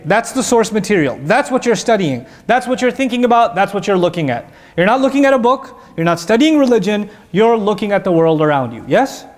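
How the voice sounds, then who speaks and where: A man giving a lecture on Quran verses, telling stories with energy and putting questions to his listeners. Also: high voice. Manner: animated storytelling, asks the audience questions. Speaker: Islamic teacher.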